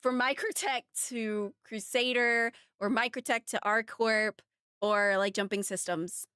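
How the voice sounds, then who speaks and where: A young woman streaming a game, excitable and gushing as she thanks her chat. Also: a little high, a little slow, clear, resonant tone, no room sound. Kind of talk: casual live-stream chat.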